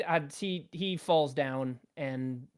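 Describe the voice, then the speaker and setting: A man's voice: on the high side, takes it slowly, darkish tone, clear, resonant tone. A man narrating as game master in a casual tabletop game, rambling with lots of ums and laughs.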